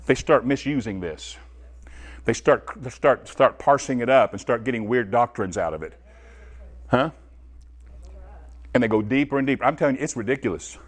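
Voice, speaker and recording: At normal speed and with frequent pauses, a man preaches a sermon directly to his congregation. He's animated, swinging between loud, high bursts and low, quiet asides.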